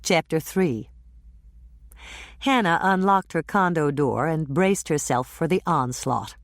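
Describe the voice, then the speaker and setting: A woman narrating a cozy mystery audiobook with an animated, expressive delivery. Her voice sits a little low and swoops lively through each sentence, recorded dry and close. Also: takes it slowly, no echo. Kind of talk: scripted narration.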